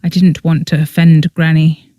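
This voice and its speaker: Brief: audiobook narrator, warm dark tone, dry close recording, even storytelling. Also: medium pitch, normal speed, no room sound. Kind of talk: scripted first-person narration.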